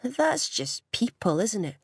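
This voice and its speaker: A woman's voice: medium pitch, big pitch swings, slow, slightly rough, no echo, studio quality, pitched above the performer's own voice, full character voice. A woman voicing a surly, defensive middle-aged male shopkeeper in a small town, snarling and hissing his lines.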